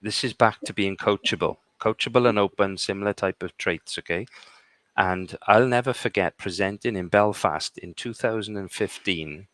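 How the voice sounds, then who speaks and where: A middle-aged British man with a very low, deep voice tells stories in a conversational way and keeps checking in with his listener. The sound is dry and close, with almost no room around it. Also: normal speed, fairly bright tone, no room sound. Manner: punctuates points with "okay?". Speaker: guest speaker. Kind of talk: conversational storytelling. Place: live online conversation.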